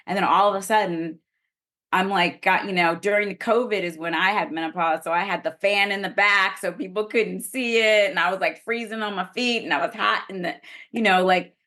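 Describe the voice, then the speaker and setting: A middle-aged woman, a guest expert on a podcast, explaining earnestly and sharing personal stories in a relaxed interview. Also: mid-range voice, brisk.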